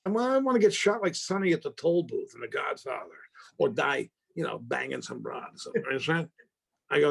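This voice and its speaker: A middle-aged actor guest, speaking briskly in a medium-pitched, gravelly, rough-edged voice, tells an animated story during an interview conversation. He acts out the phone calls with energy, breaking into loud exclamations and swearing.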